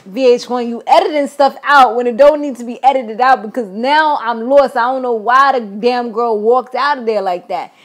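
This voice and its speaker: A young woman, chatting through a reality TV recap in a slightly high voice. She is opinionated and slangy, and she acts out the cast's quotes as she goes. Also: normal speed, hardly any pauses. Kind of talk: casual recap commentary.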